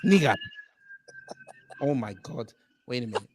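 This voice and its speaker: A man's voice: medium pitch, wildly swooping pitch, measured pace, a little hiss or hum. A man in comedic casual banter, blunt and slangy. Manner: drops the act, blunt and slangy.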